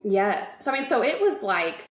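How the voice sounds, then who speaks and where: A woman's voice: mid-range voice, normal speed. A woman, a guest founder telling her story in a casual interview, acting out the people she quotes. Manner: lively, animated retelling with quoted dialogue. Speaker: guest, nanny agency founder. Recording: roomy echo.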